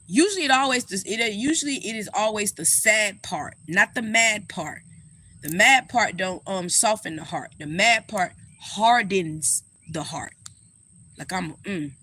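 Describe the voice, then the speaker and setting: A woman giving a casual astrology reading. She talks straight to her viewers in a sassy, animated way and swears freely. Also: mid-range voice. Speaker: astrologer and spiritual reader.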